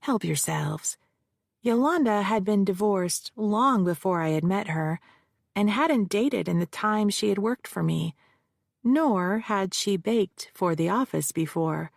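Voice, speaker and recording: A woman narrating a mystery audiobook in the first person, with a measured, even reading and a gravelly voice. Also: medium pitch, dry recording, studio quality.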